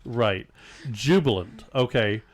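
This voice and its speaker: A man's voice: mid-range voice, expressive, slow pace. A man co-hosting a casual podcast, joking about fancy words and mocking pompous speech. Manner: jokey, mocks pompous speech. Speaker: podcast co-host. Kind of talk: casual chat.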